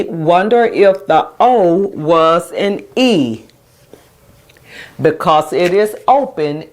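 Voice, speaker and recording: A woman special education teacher explaining a reading lesson in a patient, steady way, stretching out example words. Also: on the low side.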